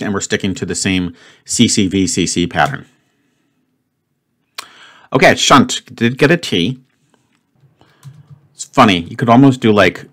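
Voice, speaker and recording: A man hosts his own video, chatting casually and upbeat as he works through a word puzzle, thinking aloud with plenty of fillers. His voice is fairly low in pitch with a fairly bright tone.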